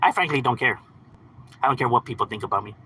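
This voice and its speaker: A man's voice: mid-range voice, lively intonation, fast, sharp tone, husky, low-quality recording. A man hosting a livestream, reading out chat messages and answering in a laid-back, slangy, profane way with frequent laughs. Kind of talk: casual live chat.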